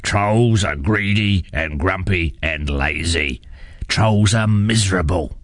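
A man's voice: sits low, a bit bright, no echo, studio quality. A man reading a storybook aloud, voicing a grumpy, growling father troll. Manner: growling, slow.

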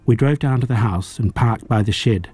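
A man narrating a novel as an audiobook reader, in a measured, even storytelling manner. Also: medium pitch, husky, faint music behind. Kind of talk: audiobook reading.

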